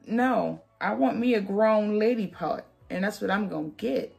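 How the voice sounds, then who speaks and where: A woman's voice: mid-range voice, normal speed, vocal fry, darkish tone, faint music behind. A woman beauty vlogger chatting through a wig tutorial, sassy and playful, joking with her viewers as she works.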